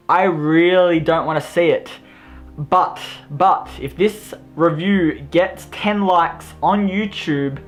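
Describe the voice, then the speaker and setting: A young Australian man giving an enthusiastic, rambling movie review in a casual vlog, with faint music behind him. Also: on the high side. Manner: enthusiastic, rambling, self-deprecating.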